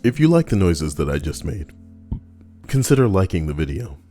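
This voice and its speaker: A man with a very low voice reads stories aloud for his channel. His pitch swings widely as he drifts into joking, rambling asides and tosses in casual swearing. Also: very animated, normal speed, dark tone, soft background music. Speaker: channel host reading stories. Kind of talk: reading stories with joking commentary.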